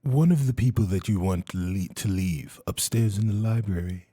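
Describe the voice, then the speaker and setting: A man playing a tabletop role-playing game, chatting casually with quick, joking remarks. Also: on the low side, warm tone, slightly rough.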